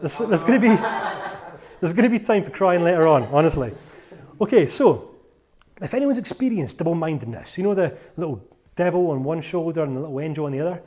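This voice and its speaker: Animated, lively-voiced male seminar speaker. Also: fairly high pitch, fairly quick. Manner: playful, animated, jokey with volunteers. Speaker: motivational speaker. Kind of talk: live seminar talk to an audience.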